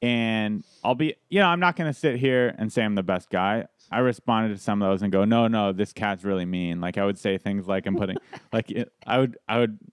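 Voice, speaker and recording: A man's voice: fairly low pitch, brisk, clean tone, no echo, clean studio sound. A man, a comedian, telling stories in a casual podcast chat, rambling with restarts and laughs. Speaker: guest comedian.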